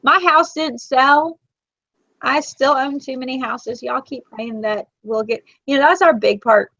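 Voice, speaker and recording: A woman in her forties hosting a casual live chat, talkative and emotional, quick to tear up. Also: on the high side, vocal fry, a bit bright, no echo. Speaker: host. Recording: dull, lo-fi, dry.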